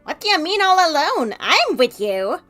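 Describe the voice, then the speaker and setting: A woman voicing a friendly, gentle small game creature in a plain voice. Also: very high voice, big pitch swings, normal speed, faint music behind, heavily acted.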